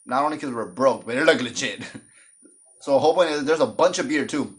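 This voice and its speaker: A man's voice: mid-range voice, fairly quick. A man telling a personal story in a casual, jokey way and acting out the voices of the people in it. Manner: animated, jokey, acts out the voices of other people. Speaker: storytime vlogger.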